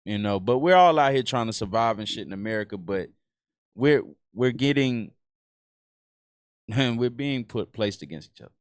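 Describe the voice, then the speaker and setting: A man's voice: medium pitch, expressive, normal speed, clear, resonant tone, no echo, studio quality. A man with a Southern US accent, doing casual reaction commentary in a loose, profane, rambling way with many restarts. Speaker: reaction streamer.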